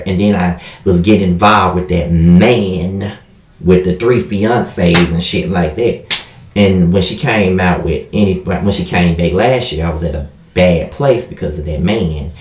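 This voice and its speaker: Man, vlogger, deep voice; heartfelt storytime, chatty "y'all" delivery, echoey room. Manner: frequent "y'all" and "you know what I mean". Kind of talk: casual storytime vlog.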